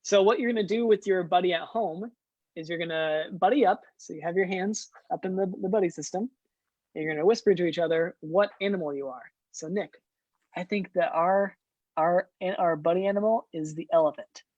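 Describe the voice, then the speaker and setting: A man's voice: high voice, fairly quick, a little mellow, no echo, highs cut off. A man hosting a scouting den meeting for young kids, upbeat and leading activities with frequent "uh" fillers.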